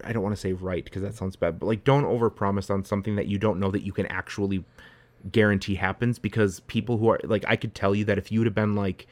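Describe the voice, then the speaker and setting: Talking fast in a lowish voice with a steady tone, a podcast host chats casually, rambling and often restarting amid many fillers. There's no echo on the recording.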